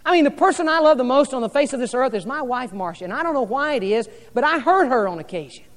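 A male pastor preaching a sermon to a congregation, rising loud and dropping soft by turns. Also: extremely high pitch, animated, fast, big-room sound. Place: church hall with an audience.

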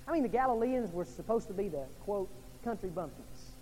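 A man from Oklahoma or Texas, a pastor preaching an evening sermon in a church, swinging between loud and hushed delivery. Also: lively intonation, fast talker. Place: church sanctuary. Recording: long reverb in a large hall, faint rumble.

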